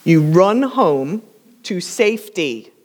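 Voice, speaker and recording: A woman's voice: lowish voice, very animated, takes it slowly. Coughing woman preacher in a reverberant hall. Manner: casual, emphatic, humorous asides. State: coughing, dry throat. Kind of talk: storytelling sermon.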